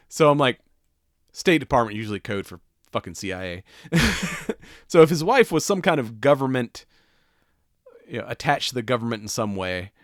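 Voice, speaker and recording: Lively, rambling man. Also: medium pitch, moderate pace, no echo, clean studio sound. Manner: rambling, profane, laughing retellings of movie scenes. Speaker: podcast co-host. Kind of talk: casual chat.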